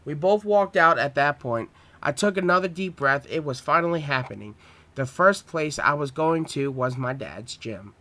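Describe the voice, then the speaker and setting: A man's voice: on the high side, animated, moderate pace, bright, forceful tone. A man reading his own homemade story aloud, with plain delivery and small stumbles.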